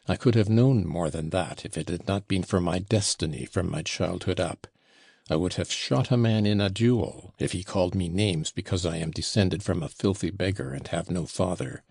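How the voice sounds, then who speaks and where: Audiobook: man voicing a scornful young manservant, low gravelly tone, curt and cold. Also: normal speed, darkish tone, no room sound, exaggerated voice. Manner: curt, disdainful. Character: sullen proud young male servant, contemptuous. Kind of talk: audiobook reading.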